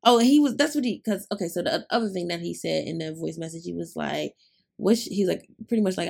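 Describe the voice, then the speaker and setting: A woman's voice: on the low side, fast talker, gravelly, darkish tone, husky. A young adult woman, hosting a podcast and retelling a story in casual chat, laughing often. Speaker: podcast host.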